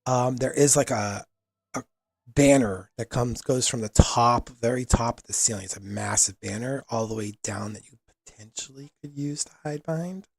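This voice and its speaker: A male game master narrates a tabletop game in a relaxed, loose way, with many fillers. His voice is slightly husky, and the recording is dry and close. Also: mid-range voice, moderate pace, no echo.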